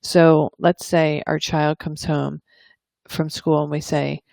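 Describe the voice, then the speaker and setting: A woman and parenting coach talking calmly and earnestly to camera, explaining ideas and acting out example dialogues. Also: sits low, slow, vocal fry, dry recording. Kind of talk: advice talk to camera.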